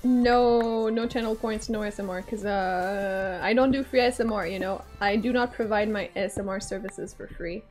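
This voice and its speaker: A young adult woman live-streams from home on a desk microphone, casually chatting with her viewers and reading their messages aloud in a playful, teasing way while laughing often. Her mid-range voice has a darkish tone and moves at normal speed with hardly any pauses, over soft background music.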